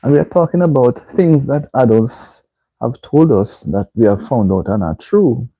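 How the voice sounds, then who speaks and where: A man's voice: mid-range voice, expressive, moderate pace, mellow, breathy edge, no room sound, low-quality recording. A man hosting a casual live stream, reading viewer comments aloud and repeatedly asking people to like the stream. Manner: reads viewer comments aloud and keeps urging likes.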